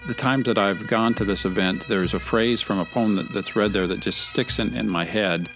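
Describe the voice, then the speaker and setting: A man hosting an interview, earnest and halting, with frequent restarts. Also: lowish voice, loud music behind the voice. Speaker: host. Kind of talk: community radio interview.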